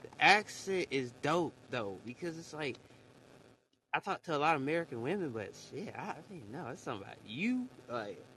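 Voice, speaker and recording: A man's voice: a little high, big pitch swings, brisk, gravelly, pushed and bright, slight background noise. A man chatting casually on a live audio stream, rambling in slang, full of fillers and restarts. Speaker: live audio room host.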